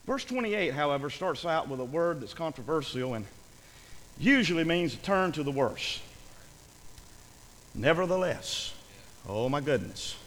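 A man preaching a fervent sermon, often shouting and repeating phrases for emphasis. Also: a little high, animated, unhurried, long pauses, in a large hall, low-quality recording.

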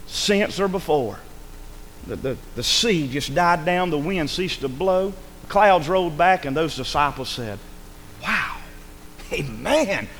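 Male pastor, higher voice, very lively delivery, reverberant church hall with faint hum. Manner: dramatic swings between loud calls and hushed asides. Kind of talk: sermon. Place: church sanctuary.

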